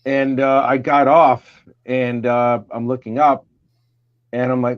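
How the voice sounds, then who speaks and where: Halting man, dull lo-fi audio. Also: mid-range voice, flat delivery. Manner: halting, with many restarts. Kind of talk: casual chat, recounting a memory.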